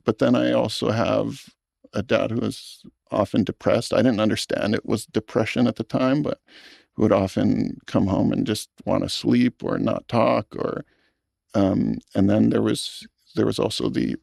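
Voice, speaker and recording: A man, a film director, talking in an interview in a thoughtful, earnest way with halting restarts. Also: fairly low pitch, creaky, a little mellow, no room sound, clean studio sound. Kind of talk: reflective interview talk.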